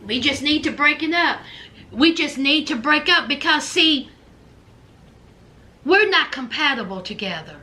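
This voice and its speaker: A woman imitating a whiny, fickle young woman in a lower, mocking voice. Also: animated, measured pace, pauses often, sharp tone, full character voice. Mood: dismissive.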